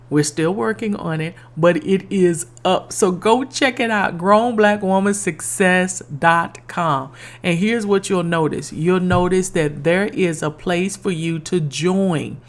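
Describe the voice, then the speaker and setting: A middle-aged woman hosting a podcast, telling a personal faith story in an earnest, testimonial way and repeating lines for emphasis. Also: fairly low pitch. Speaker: podcast host.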